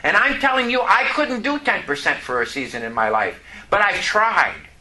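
A man preaching a sermon, telling a story and rising to loud, impassioned outbursts. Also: high voice, very animated, normal speed. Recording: echoey room.

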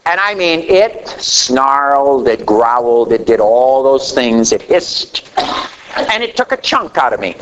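A middle-aged man preaching a sermon, telling a story with animated delivery that swings between loud emphasis and quiet asides. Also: slow, dull audio, background noise. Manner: animated storytelling preacher, rising to a near shout then dropping low.

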